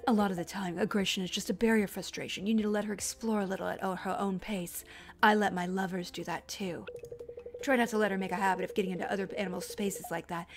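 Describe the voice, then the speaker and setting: Woman reads level-headed nurse dog owner, quietly advising. Low-key, near her own voice. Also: fast, soft background music, natural voice. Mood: calm. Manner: even, advising tone.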